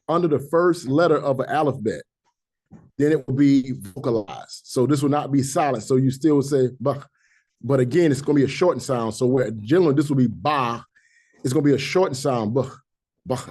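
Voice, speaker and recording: A man teaching a Hebrew reading class, patiently explaining rules and sounding out syllables slowly, one by one. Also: medium pitch, dark tone. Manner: patient, repeats sounds slowly to demonstrate pronunciation. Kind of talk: classroom language lesson.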